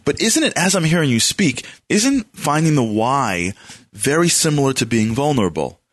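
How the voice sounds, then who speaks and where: A man hosting an interview, talking in an animated, searching way as he tells anecdotes to make his point. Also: medium pitch, moderate pace, no room sound. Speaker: host. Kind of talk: conversational interview.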